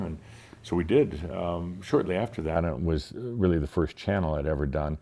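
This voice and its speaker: Low, dark-voiced man telling his story. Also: normal speed. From United States. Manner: reflective, hesitant with frequent fillers. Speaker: interview guest. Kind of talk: casual interview storytelling.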